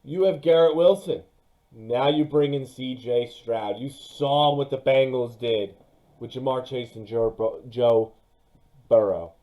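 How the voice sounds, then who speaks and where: A young man giving casual, excitable commentary on his own football mock draft, speaking straight to his viewers. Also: mid-range voice, takes it slowly, poor audio. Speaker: sports YouTuber.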